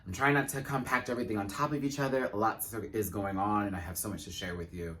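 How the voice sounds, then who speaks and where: A fairly low-voiced man rants casually about a show, sassy and expressive, dropping drag slang as he goes. A faint background noise runs under his voice throughout. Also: quick pace. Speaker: YouTube reviewer. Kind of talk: casual show review rant.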